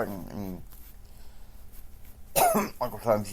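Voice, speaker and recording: A man casually retelling a family story, halting often and quoting each person with "he's like". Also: lowish voice, fairly even intonation. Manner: slow, halting, quotes characters with "he's like".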